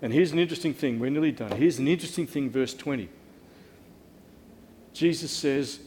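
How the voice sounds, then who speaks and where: Speaking briskly but with long pauses, this middle-aged pastor has a mid-range, darkish voice and a conversational, wry style, often questioning his congregation. Slight background noise mixes with the long echo of the church hall where he preaches.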